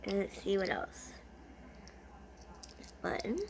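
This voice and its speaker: A woman's voice: medium pitch, very animated, takes it slowly, a little hiss or hum. A woman vlogger chatting casually as she unboxes gifts, gushing and easily delighted.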